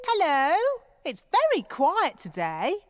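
A woman's voice: high voice, wildly swooping pitch, slow pace, fairly bright tone, big-room sound, faint music behind, heavily acted. A woman voicing a chatty female rabbit shopkeeper in a cartoon. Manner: chatty, breezy.

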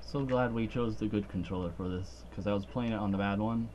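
A man's voice: lowish voice, brisk, darkish tone, lo-fi sound, slight background noise. A man playing a game on a let's play, chatting playfully and laughing often. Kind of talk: casual gaming chat.

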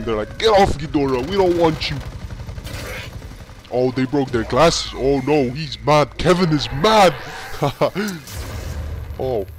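A man hosting a reaction channel, giving excitable commentary and talking straight at the screen. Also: mid-range voice, slight background noise. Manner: excitable, talks to the screen with "yo" and "bro".

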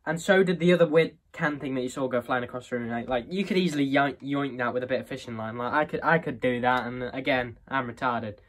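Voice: medium pitch, fast, hardly any pauses. A speaker giving casual, rambling and scoffing commentary while reacting to a video.

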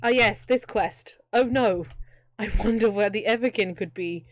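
Playing a video game on stream, a young woman chatters away with playful asides and keeps bursting into laughter. She speaks at a medium pitch and a moderate pace, with no room sound audible.

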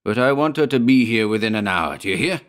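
A man's voice: fairly low pitch, animated, fast talker, natural voice. A man voicing an angry, domineering village doctor who hectors and commands in a storybook reading.

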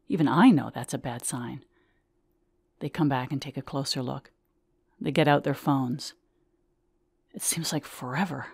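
A woman reading her own memoir aloud in measured, vivid first-person storytelling. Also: sits low, no echo, studio quality.

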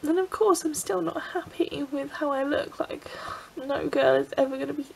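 A woman's voice: sits high, fairly even intonation, moderate pace, creaky, darkish tone, poor audio. A young woman from England talking emotionally in a confessional vlog, tearful and filling her talk with "like". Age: young adult. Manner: emotional, tearful, frequent "like" fillers. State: crying. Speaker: vlogger.

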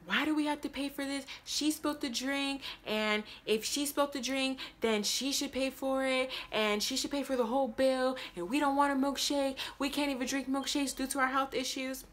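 A woman voicing an indignant, demanding restaurant customer who complains quickly and insistently. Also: high-pitched, fairly even intonation, voice pushed up, natural voice.

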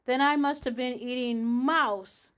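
A woman's voice: sits high, steady tone, unhurried, fairly bright tone. A woman voicing an anxious, polite little female dog in a storybook reading, in a fretful, genteel manner.

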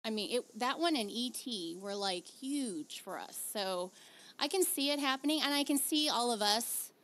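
A woman hosting a podcast in casual, animated chat, laughing easily as she talks. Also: fairly high pitch. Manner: chatty, animated, quick laughs. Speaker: podcast host.

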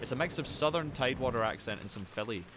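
A man's voice: medium pitch, animated, fast talker, noisy background. A Glaswegian man in his thirties, chatting boisterously with viewers while gaming, swearing freely and riffing on silly bits. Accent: Glaswegian Scottish. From Scotland. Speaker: streamer.

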